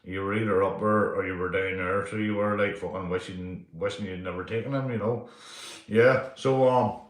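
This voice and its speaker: A man's voice: fairly low pitch, fairly even intonation, normal speed. Middle-aged northern irish guy on a live stream at home, rambling sweary stories, laughing, "mate" every other line, echoey room. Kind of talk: rambling live-stream storytelling and shout-outs. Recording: roomy echo.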